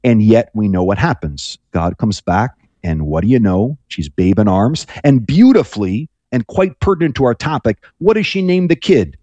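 A low, mellow male voice, a priest on a radio call-in show. He talks reflectively, often restarting his sentences, and the sound is dry and close. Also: sing-song, moderate pace, few pauses, no echo, lo-fi sound. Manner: thoughtful, rambling with frequent restarts.

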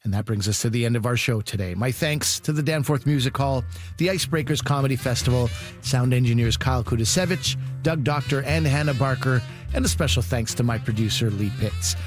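A man's voice: mid-range voice, brisk, music in the background. A man hosting a radio comedy show, closing the episode with thanks and credits. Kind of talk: scripted radio sign-off.

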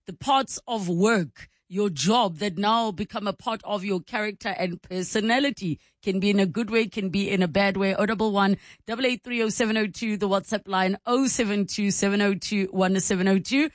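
A woman's voice: medium pitch, fairly quick, few pauses, dry recording, clean studio sound. Chatty woman radio host. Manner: chatty, curious. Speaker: radio talk show host. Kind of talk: casual chat reading voice notes.

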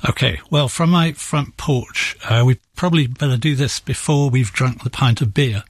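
Husky-voiced male author guest. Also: medium pitch, no room sound. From England. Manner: measured, storytelling explanations. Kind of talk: radio interview.

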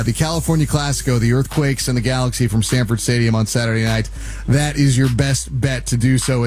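A man, a sports radio host chatting casually as he wraps up his show, a little nasal in tone. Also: a little mellow. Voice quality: nasally deep voice. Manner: chatty, self-deprecating, plugging.

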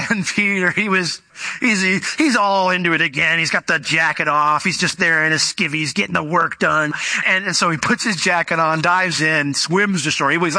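A male pastor delivering a sermon in a relaxed, talky manner, slipping into voices for the people in his stories. His voice is very bright and a little high, recorded dry and close. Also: normal speed, no echo. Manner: conversational storytelling preacher, acts out Bible characters in voices.

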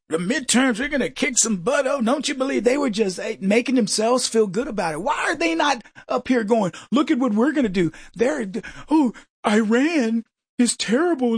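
Mocking husky talk radio host, man. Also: high-pitched, no room sound, studio quality. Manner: mocking, animated, acts out voices and laughs. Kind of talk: conservative talk radio monologue.

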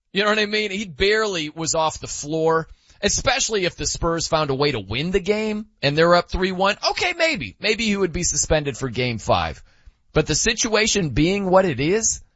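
A man's voice: fairly high pitch, sharp tone, slightly rough, no echo. A man hosting a sports radio show, talking emphatically with sarcastic asides, sounding slightly dull. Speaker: sports radio fill-in host. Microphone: studio microphone.

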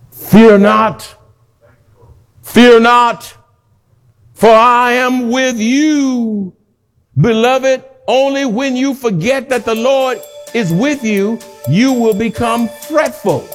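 A man preaching a sermon, reading scripture slowly and then shouting exhortations, urging the congregation to repeat after him. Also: sits high. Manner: swings from slow quiet reading to loud shouts.

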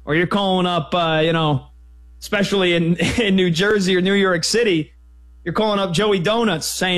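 A man hosting a sports talk radio show, taking callers in a quick, energetic, conversational way. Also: high-pitched.

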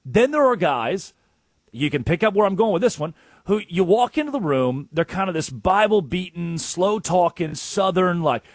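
A man co-hosting a sports talk show, telling stories in an excitable way and acting out quotes. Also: sits high, moderate pace, no room sound, clean studio sound. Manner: storytelling, acts out quotes, excitable.

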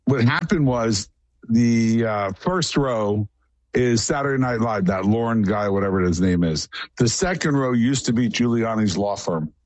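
A man of middle pitch talks in a rambling, matter-of-fact way, one story running into the next. The sound is dry and close, with no room around it. It is a casual radio interview. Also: animated, measured pace, darkish tone, no room sound. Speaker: guest.

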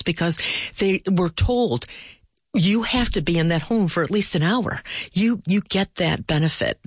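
A woman's voice: lowish voice, slightly rough, dry recording, clean studio sound. A middle-aged woman who works in palliative care, speaking earnestly and telling stories with animation in a conversational interview. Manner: animated storyteller, earnest and direct.

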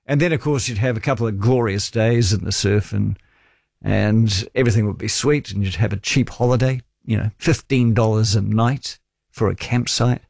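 A man's voice: fairly low pitch, normal speed, vocal fry, a little mellow, no room sound, studio quality. A man in his forties with a New Zealand accent, hosting a talkback radio show and telling stories in a chatty, wry way.

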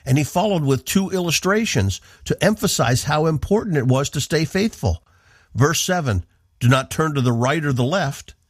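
A man from the northeastern United States, hosting a radio program with earnest, measured devotional Bible teaching. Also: fairly high pitch, expressive, slightly rough, dry recording, clean studio sound.

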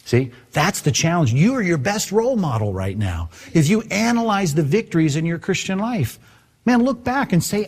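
A male pastor giving a sermon in a conversational, animated way, often asking his listeners rhetorical questions. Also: on the high side, moderate pace, husky.

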